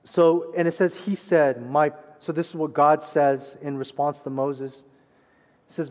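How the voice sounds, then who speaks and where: A pastor preaching a sermon, swinging between loud urgent passages and hushed quiet ones. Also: male voice, a little high, fairly even intonation, a little slow. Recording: long reverb of a large hall.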